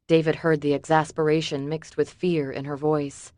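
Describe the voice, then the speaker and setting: A woman narrating an audiobook in an even, measured reading. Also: sits low, no echo. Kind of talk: scripted narration.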